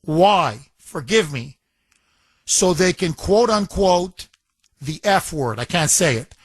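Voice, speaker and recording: Indignant high-voiced male radio host. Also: animated, slow pace, husky, dry recording. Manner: indignant, emphatic, rhetorical questions. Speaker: radio talk show host. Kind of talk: talk radio monologue.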